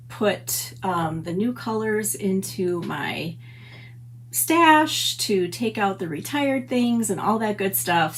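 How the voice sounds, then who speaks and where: A woman's voice: mid-range voice, slight background noise. A middle-aged woman hosting a papercraft livestream, chatty and gushing as she greets viewers by name. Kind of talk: casual livestream chat. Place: home stamp room.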